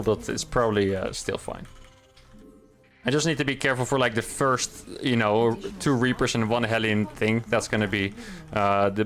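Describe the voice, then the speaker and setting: A man's voice: medium pitch, fairly bright tone. A man casually commentating his own match as he plays, thinking aloud in a chatty, upbeat way. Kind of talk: casual live game commentary.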